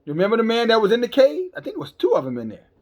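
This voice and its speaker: A man's voice: very high-pitched, wildly swooping pitch, very fast, darkish tone. A man preaching a sermon in a blunt, emphatic, scolding way, often repeating words as he stumbles. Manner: scolding, calls listeners sisters and brothers.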